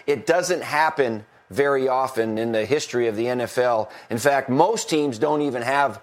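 A man's voice: medium pitch, moderate pace. A middle-aged former football coach chatting on a podcast, talkative, laughing often and restarting his sentences. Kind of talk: casual podcast chat.

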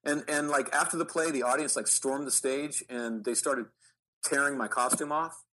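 A middle-aged man, an actor guest, telling animated stories in an interview with frequent restarts. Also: mid-range voice, normal speed, poor audio. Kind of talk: storytelling interview.

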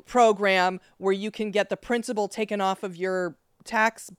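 Co-host type: woman, emphatic and profane, smooth voice, dry close mic. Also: medium pitch, fairly even intonation, dry recording. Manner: emphatic, swearing, quick asides. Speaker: podcast co-host. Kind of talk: casual chat.

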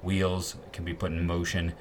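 Male sports podcast host, very low voice, rambling and candid, faint hiss behind. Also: monotone, moderate pace. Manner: rambling, candid, frequent fillers and restarts. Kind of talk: casual sports podcast monologue.

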